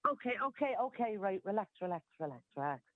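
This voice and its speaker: A woman's voice: mid-range voice, very animated, fast talker, no room sound. Bossy playful woman over phone. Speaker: caller. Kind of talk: phone-in chat. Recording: tinny phone line.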